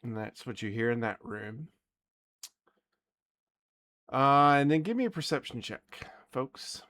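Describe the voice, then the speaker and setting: A man running a tabletop game as dungeon master, narrating in a relaxed, rambling way and often correcting himself. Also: mid-range voice, a little slow, no room sound.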